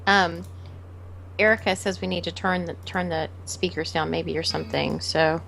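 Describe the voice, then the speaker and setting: A woman's voice: fairly low pitch, fairly even intonation, normal speed, gravelly, fairly bright tone, a little hiss or hum. Woman co-hosting a gaming podcast, easy laughs. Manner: relays chat-room comments, laughs easily. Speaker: podcast co-host. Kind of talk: casual gaming podcast chat.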